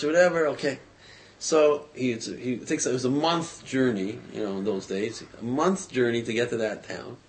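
A man telling a folk tale aloud in a casual, halting way, full of fillers and restarts. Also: medium pitch, animated. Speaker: storyteller. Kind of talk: casual oral storytelling.

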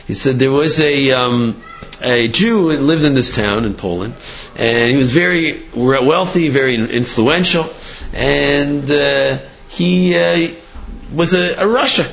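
A man telling a story to a class in an animated way, with frequent restarts and acted-out quotes. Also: medium pitch, unhurried, creaky. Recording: muffled lo-fi recording.

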